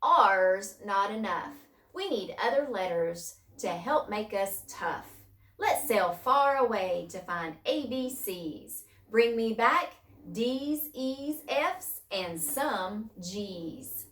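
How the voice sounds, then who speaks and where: A woman voicing a gruff, bossy male pirate captain for a children's storybook read-aloud, loud and roaring. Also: medium pitch, animated, takes it slowly. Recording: roomy sound from a distance.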